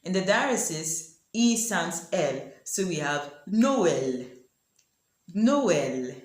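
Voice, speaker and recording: A woman teaching a language lesson, asking the viewer questions and repeating example words slowly. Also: lowish voice, animated, reverberant. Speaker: French teacher. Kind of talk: language lesson explaining pronunciation.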